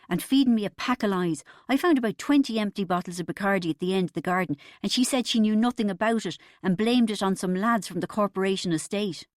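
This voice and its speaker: A woman's voice: medium pitch, fast talker, few pauses, no room sound, clean studio sound, lightly acted. A woman voicing a bitter, boastful middle-aged husband in an audiobook, pompous and aggrieved. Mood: indignant.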